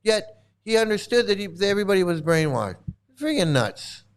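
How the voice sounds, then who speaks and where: A man's voice: sits high, big pitch swings, a little fast. A man ranting in angry commentary as a former member, profane and repetitive, restarting his sentences.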